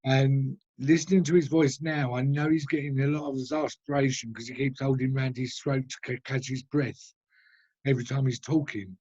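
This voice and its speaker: A man giving a mediumship demonstration over a video call, halting and hesitant as he describes at length. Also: mid-range voice, fairly even intonation, darkish tone, husky, muffled recording. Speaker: spiritualist medium.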